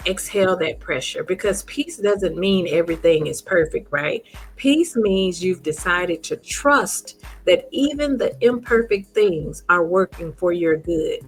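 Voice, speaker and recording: A woman hosting an inspirational talk, speaking gently and encouragingly straight to her listeners. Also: lowish voice. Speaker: host.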